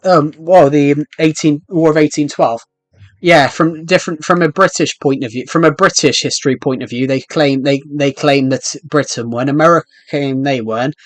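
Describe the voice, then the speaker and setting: A man's voice: fairly high pitch, fairly even intonation, normal speed, no room sound, faint music behind. A man hosting a gaming channel, chatting casually and rambling, with frequent restarts and fillers. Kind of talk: casual chat over gameplay.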